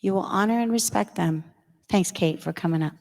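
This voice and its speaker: A woman's voice: medium pitch, a little fast, creaky, a little mellow. A woman giving an earnest, emphatic religious education talk to parents and teens in a church hall. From United States. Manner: earnest, emphatic, acts out kids' voices. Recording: long reverb of a large hall.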